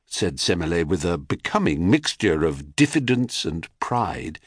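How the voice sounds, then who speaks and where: Slow, lively male audiobook narrator. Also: low voice, slightly rough, no echo, studio quality. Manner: measured, wry storytelling.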